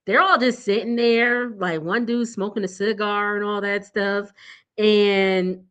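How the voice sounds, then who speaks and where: A woman's voice: medium pitch, fairly even intonation, a little slow, a bit bright, smooth. A young adult woman, giving a casual, blunt TV recap that is chatty and full of laughter. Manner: chatty and blunt, laughing often, addressing viewers as y'all. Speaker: TV recap vlogger.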